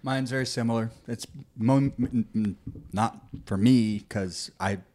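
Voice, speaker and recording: A man's voice: mid-range voice, measured pace, darkish tone. A man in casual podcast chat who rants with profanity. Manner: ranting, profane. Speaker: podcast host.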